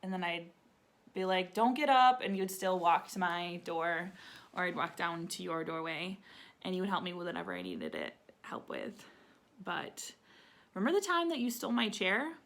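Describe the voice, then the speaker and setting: A woman's voice: fairly low pitch, lively intonation, normal speed, fairly bright tone. A woman who works at a camp, fondly recalling memories in a casual tribute, laughing often as she talks. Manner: laughs often, chatty with many likes. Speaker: camp staff member giving a tribute. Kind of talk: casual heartfelt reminiscing.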